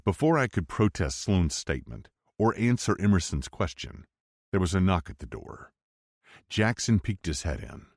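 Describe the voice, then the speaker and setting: Deep-voiced man narrating a romance audiobook. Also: normal speed, vocal fry, dry recording, studio quality. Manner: expressive storytelling, wide swings for dialogue. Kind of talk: scripted first-person narration.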